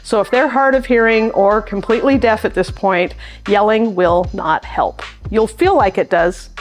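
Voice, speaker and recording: A middle-aged woman and sign language interpreter, explaining practical tips in a friendly, emphatic way, often with demonstrations. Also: medium pitch. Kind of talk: instructional talk to camera.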